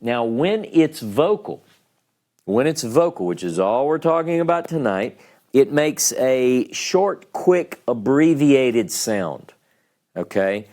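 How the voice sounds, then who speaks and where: A man's voice: medium pitch, big pitch swings, takes it slowly, darkish tone. A man teaching a beginners' class, explaining patiently step by step at a board and checking in with his students. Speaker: Hebrew teacher. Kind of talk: classroom lesson.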